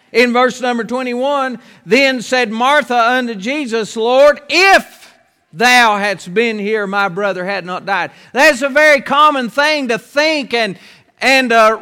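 A man preaching a sermon in an earnest way, repeating key phrases with slow, weighty pauses. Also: extremely high pitch, bright, forceful tone, clean tone, long reverb tail.

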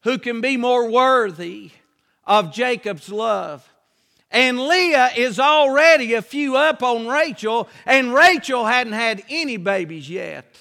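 A man preaching a folksy, emphatic sermon that rises to shouts. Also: extremely high pitch, expressive, slow pace, creaky, long reverb tail.

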